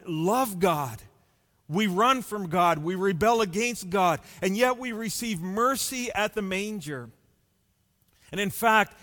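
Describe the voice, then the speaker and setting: A male pastor delivering a sermon in a slightly high voice, speaking very slowly and deliberately. He stacks up rhetorical questions one after another. His voice rings out with a long reverb, as in a large church hall. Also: fairly bright tone.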